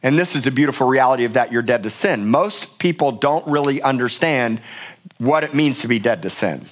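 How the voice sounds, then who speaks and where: A man's voice: mid-range voice, animated, fairly quick. A middle-aged male pastor preaching a sermon in a church, emphatic and passionate, often repeating words for force. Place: church sanctuary.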